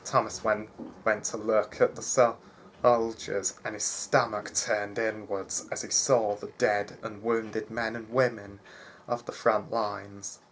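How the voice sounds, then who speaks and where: A man reading a fantasy story aloud in a halting way, with frequent restarts. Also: lowish voice, level tone, slight background noise. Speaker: narrator.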